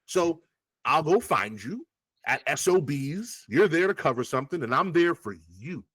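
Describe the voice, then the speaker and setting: A man's voice: fairly high pitch, a little slow, husky, no room sound. A rapper chatting as an interview guest in a slightly raised voice that swings widely up and down. He tells loose, profane stories and jumps into the voices of the people he's talking about. The sound is close and dry. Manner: animated, profane, acts out past conversations. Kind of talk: casual interview storytelling.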